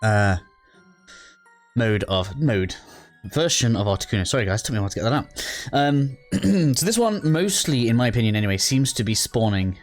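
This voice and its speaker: A man's voice: mid-range voice, animated, moderate pace, faint music behind. A man giving a casual, rambling walkthrough of a video game, with lots of fillers and restarts, a little out of breath. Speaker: gaming YouTuber. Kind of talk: casual gameplay walkthrough commentary.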